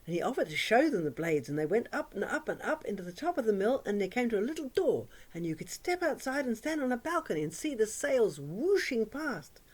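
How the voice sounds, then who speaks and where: A woman telling a children's story in an expressive, sing-song way, dropping to hushes for drama. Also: a little high, fairly quick, hardly any pauses, husky. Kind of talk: oral storytelling for young children.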